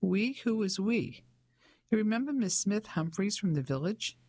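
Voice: mid-range voice, lively intonation, normal speed, darkish tone, dry recording, pitched above the performer's own voice. An audiobook narrator voicing a young English soldier home on leave, earnest and critical toward his mother. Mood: puzzled. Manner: critical, puzzled.

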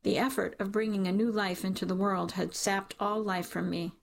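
A woman reading an audiobook in the first person, measured and emotional in her storytelling. Her voice has a gravelly edge at a middling pitch. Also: fairly even intonation, a little hiss or hum. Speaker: audiobook narrator.

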